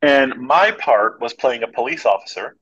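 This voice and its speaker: A man, a podcast guest, telling animated anecdotes in a casual storytelling way. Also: medium pitch, moderate pace, slightly rough, lo-fi sound.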